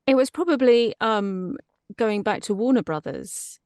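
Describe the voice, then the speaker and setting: A woman's voice: on the high side, expressive, measured pace, darkish tone, dry recording, studio quality. A woman, a voice actress chatting in an interview in a chatty, self-deprecating way. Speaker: voice actress guest. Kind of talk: casual interview chat.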